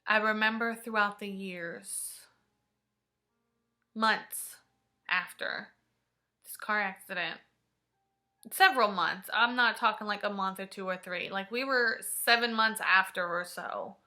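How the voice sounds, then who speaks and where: Slow, bright-voiced woman telling a story. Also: medium pitch. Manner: emotional, halting storytelling with hushed asides. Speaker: vlogger. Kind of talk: personal storytime.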